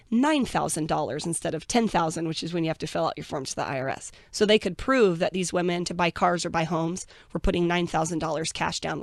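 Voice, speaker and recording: A woman's voice: on the low side, dry recording. Woman guest on a podcast, blunt and frank, acts out quotes, dry close sound. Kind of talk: candid interview talk.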